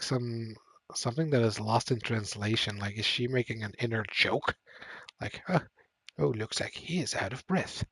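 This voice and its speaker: A man's voice: mid-range voice, no echo. A man streaming a game, thinking aloud and reading on-screen choices with lots of fillers. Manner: thinks aloud, reads game text, frequent fillers and laughs. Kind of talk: casual live-stream commentary.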